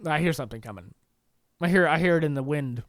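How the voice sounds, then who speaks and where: A man's voice: a little high, animated, fast talker, fairly bright tone, no echo, clean studio sound. A young man hosting a comedy podcast alone, riffing sarcastically in mock-pleading bits and laughing at his own jokes. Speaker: podcast host. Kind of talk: solo comedy monologue.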